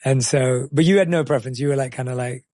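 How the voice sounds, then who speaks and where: A male podcast host in a casual interview, mellow and unhurried, who affirms his guest and echoes her points back before asking his next question. His voice has a soft, dark tone, and it is recorded close and dry. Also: mid-range voice.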